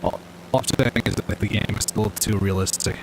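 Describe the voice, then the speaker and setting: Low-voiced young man streaming a game. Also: fairly even intonation, quick pace, background noise. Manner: rambling, chatty, talks to chat while playing. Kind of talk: casual gaming livestream chat.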